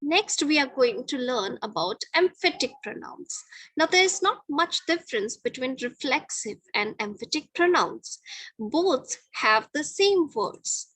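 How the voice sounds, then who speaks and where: A woman's voice: sits high, expressive, a little slow, a bit bright, husky, dry recording, low-quality recording. A middle-aged woman teaching a grammar lesson to children, patiently repeating each point and checking with "okay".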